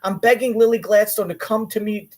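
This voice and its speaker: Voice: mid-range voice, fairly even intonation, brisk, a little mellow, pitched above the performer's own voice, lightly acted. A commentator voicing a famous male movie star who keeps pleading for a dance. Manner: begging, insistent.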